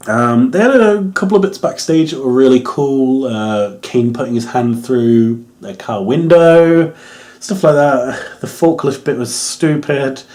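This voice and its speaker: A man's voice: mid-range voice, measured pace, a little mellow. A young man giving a casual, rambling wrestling review, amused and swearing, with lots of ums.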